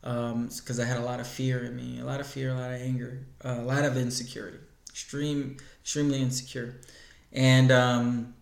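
Man, gravelly voice, earnest personal testimony, echoey room. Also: medium pitch, level tone, fairly quick. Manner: earnest storytelling, acts out past conversations. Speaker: guest telling his life story.

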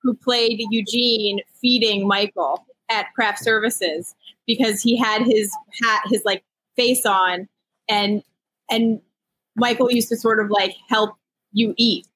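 Woman, panelist, husky, slightly high, dry close sound. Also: steady tone, takes it slowly, fairly bright tone, no echo, poor audio. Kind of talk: casual panel talk.

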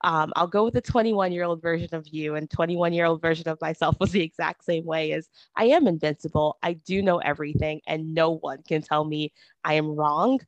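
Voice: mid-range voice, a little fast, dry recording, muffled recording. A podcast host talking casually with a guest, chatty with many filler words. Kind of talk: podcast interview conversation.

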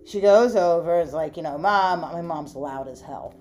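A woman's voice: low voice, moderate pace, warm tone, soft background music. A woman from western Pennsylvania, co-hosting a podcast and telling a rambling, profane story in casual chat. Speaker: podcast co-host.

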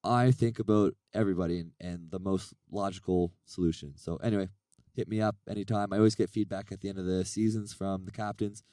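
A man with a raspy voice co-hosting a casual podcast, rambling earnestly about running his league. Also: deep voice, fairly even intonation, fairly quick, dark tone, dry recording. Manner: rambling, self-deprecating, earnest. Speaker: podcast co-host and league organizer.

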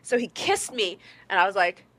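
A woman's voice: medium pitch, moderate pace. A woman guest telling a story in casual chat, laughing often and acting out what people said. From New York. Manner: lively, laughing, acts out quotes. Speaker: guest performer.

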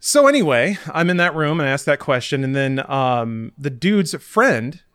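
A man's voice: fairly high pitch, very animated, normal speed, fairly bright tone, clean tone, no room sound. Podcast guy rambling through a story, lots of ums, dry close mic. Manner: rambling and self-deprecating, lots of fillers. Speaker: podcast co-host. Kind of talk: casual chat, storytelling.

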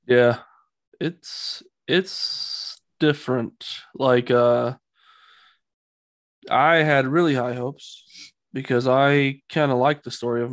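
A man's voice: mid-range voice, no room sound, studio quality. A man in casual chat as a podcast co-host, opinionated and rambling, mocking what he dislikes.

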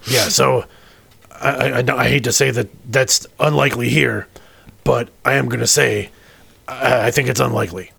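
A man playing a wary male starship crewman in a tabletop role-play, talking in a halting way with many stammers and restarts. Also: medium pitch, steady tone, gravelly, bright, forceful tone, slightly rough, no echo, heavily acted. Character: wary male starship crewman, private about his mother.

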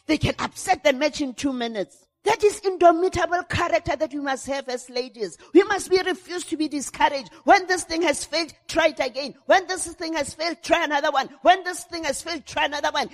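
A middle-aged woman preaching a sermon fervently, with many fillers and repeated words, rising to shouts in prayer. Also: sits high, in a large hall.

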